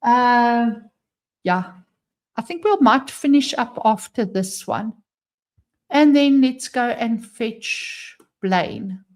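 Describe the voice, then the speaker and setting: Here a woman from South Africa speaks slowly and expressively in a fairly high pitch. Hosting a laid-back stream from home, front door open, she chats, laughs often, and reads her viewers' messages aloud.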